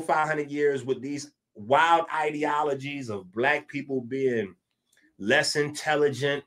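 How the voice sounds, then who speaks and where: A man from the Bronx, hosting a podcast and delivering a casual commentary monologue. He is animated and swings between loud and hushed, with frequent asides. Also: on the high side. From the Bronx, New York. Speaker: podcast host.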